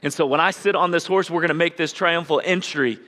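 A calm, confident young man speaks in measured, reassuring lines, as a preacher acts him out. His bright voice carries through a long church hall reverb. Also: fairly high pitch. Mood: assured. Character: calm, self-assured young man of peace.

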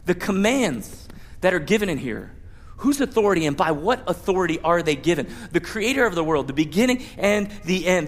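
A male pastor preaching a sermon in a church, conversational and animated, acting out mock prayers and asking rhetorical questions. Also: high-pitched, in a large hall. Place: church sanctuary.

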